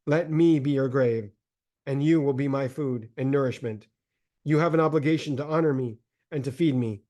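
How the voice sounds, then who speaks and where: A man voicing a starving, grief-mad mother in a solemn, measured dramatic reading of a religious text. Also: medium pitch, dark tone, natural voice. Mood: desperate tender.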